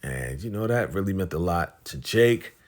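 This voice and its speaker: A man's voice: deep voice, lively intonation, normal speed, darkish tone. A man hosting a casual TV episode recap, retelling scenes in slangy, chatty talk and paraphrasing what the characters say. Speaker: TV recap host.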